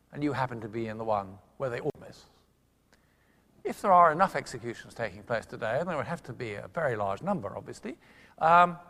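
An older man giving a public lecture, telling a science story with lively emphasis and quick asides. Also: medium pitch, vocal fry. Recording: long hall reverb.

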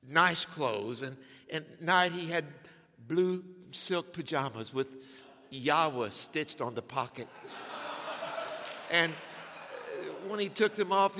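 An older man delivers a sermon with a bright, slightly high voice. He tells humorous stories and swings between hushed asides and loud declarations. The sound carries a long reverb, like a big hall. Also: a little hiss or hum. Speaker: pastor.

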